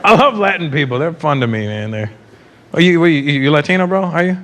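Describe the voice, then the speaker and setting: A man doing live stand-up comedy on stage, teasing the audience in an animated way. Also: on the high side, fast talker, slight background noise. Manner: animated, teasing crowd work.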